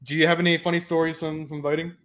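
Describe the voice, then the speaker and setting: A young man with an Australian accent, hosting a casual chat over a video call and telling stories with lots of laughter. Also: on the high side. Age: young adult. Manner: animated storytelling, laughs often, quick asides. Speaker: host.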